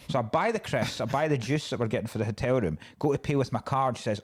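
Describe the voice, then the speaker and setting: A man's voice: mid-range voice, very fast, hardly any pauses. A man, a comedian and podcast co-host in casual chat, telling a story with lots of swearing and laughing.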